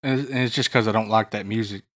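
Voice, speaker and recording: A man's voice: on the low side, steady tone, fast. A man, a studio guest on a podcast, speaking plainly with some hesitation. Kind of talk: casual chat.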